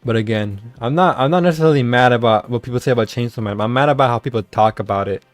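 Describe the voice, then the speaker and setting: A man's voice: medium pitch, fast, dry recording, soft background music. A man ranting in casual chat, rambling with many stammered restarts and casual swearing. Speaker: streamer. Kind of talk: casual rant.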